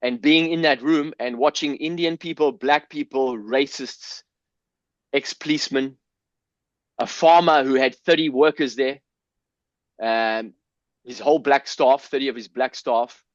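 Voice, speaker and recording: With an unhurried, steady, medium-pitched voice, a South African man in his fifties recounts personal stories candidly as a podcast guest. He's earnest and emotional, frequently restarting and sometimes swearing, and the audio is dull, dry, and lo-fi.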